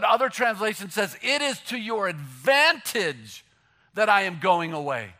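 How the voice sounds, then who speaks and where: A man preaching, his voice pitched high and bright. He jokes freely, pushes his punchlines out loudly, then drops to a near hush to land a point. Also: moderate pace. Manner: animated, joking, shifts from loud punchlines to hushed emphasis. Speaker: pastor. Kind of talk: sermon.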